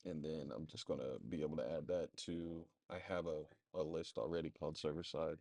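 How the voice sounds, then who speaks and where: Low-voiced man thinking aloud on screen. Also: steady tone, fairly quick, darkish tone, dry recording, studio quality. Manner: thinks aloud, loose and rambling, many fillers. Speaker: marketing agency presenter. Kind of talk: casual screen-share walkthrough.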